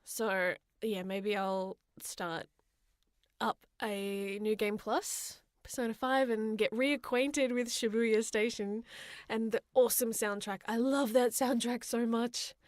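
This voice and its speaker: A woman's voice: a little high, fairly even intonation, takes it slowly, dry recording, clean studio sound. A woman co-hosting a gaming podcast in a playful, giggly casual chat. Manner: giggly, playful, hums tunes. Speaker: podcast co-host.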